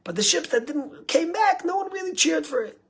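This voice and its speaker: A man's voice: very high voice, sing-song, normal speed. A male rabbi giving a storytelling sermon. He rises for emphasis and trails off to near-whispers at the ends of phrases.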